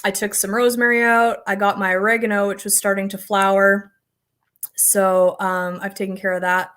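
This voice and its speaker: A woman's voice: mid-range voice, little pitch movement, moderate pace, fairly bright tone, clean tone. A middle-aged American woman hosting a casual homestead livestream, chatting rambly and reading viewer comments with frequent laughs.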